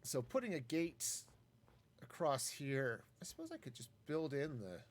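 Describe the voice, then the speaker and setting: A man's voice: fairly high pitch, sing-song, normal speed. A man casually talking through a live game stream, wry and self-mocking as he rambles. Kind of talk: casual gameplay commentary.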